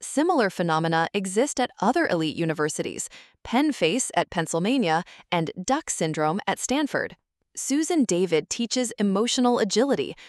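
Woman in steady scripted narration. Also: mid-range voice, no echo, clean studio sound. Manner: steady, even-paced reading. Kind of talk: scripted book-summary narration.

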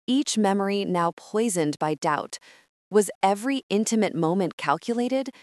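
A woman reading a scripted book summary in a steady, even storytelling manner. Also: medium pitch, no echo, studio quality. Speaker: narrator.

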